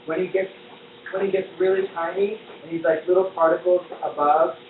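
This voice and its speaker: High-voiced chatty man on a tinny live stream. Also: fairly even intonation, fairly quick. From United States. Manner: chatty and playful, joking while he cooks. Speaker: host cooking on a live stream. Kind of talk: casual cooking-show chat. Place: kitchen indoors. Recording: distant echoey lo-fi phone-like live stream with noise.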